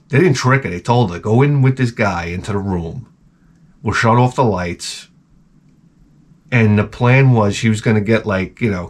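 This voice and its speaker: A man in his forties telling rambling, profane comic anecdotes in casual chat as a podcast host. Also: fairly low pitch.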